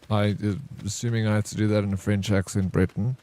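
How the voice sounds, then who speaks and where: A South African man with a fairly low, slightly mellow voice chats casually on a live game stream, talking fairly quickly with few pauses. As a variety streamer, he jokes, teases his viewers, and greets and thanks them while gaming.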